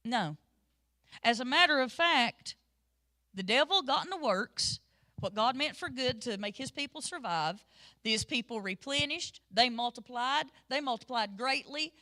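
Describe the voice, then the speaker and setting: A middle-aged woman teaching Sunday school in a sermon style, telling stories in a lively way that swings between loud and soft. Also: fairly high pitch, a little slow.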